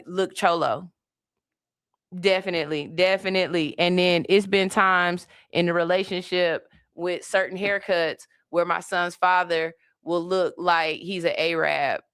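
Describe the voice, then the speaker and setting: A woman hosting a podcast, telling stories in a casual, animated way with frequent laughs. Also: on the low side, clear, resonant tone, no echo, clean studio sound. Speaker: podcast host. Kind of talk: casual comedic chat.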